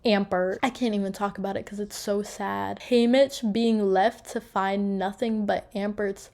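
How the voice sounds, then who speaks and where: A young woman talking casually about a book she read, animated and full of filler words. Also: medium pitch, measured pace, gravelly. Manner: animated, gushing, many filler "like"s. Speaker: book reviewer. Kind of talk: casual book review chat.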